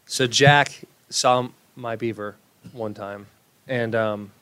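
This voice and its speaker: A man's voice: medium pitch, steady tone, takes it slowly, a bit bright, clean tone. A young man chatting as a podcast guest, rambling through stories and laughing at himself. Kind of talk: casual podcast chat.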